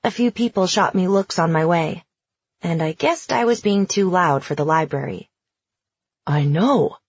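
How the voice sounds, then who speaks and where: A woman's voice: fairly low pitch, animated, normal speed, husky. A woman narrating a first-person young-adult novel in a dry, understated manner. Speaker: audiobook narrator. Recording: dull, lo-fi.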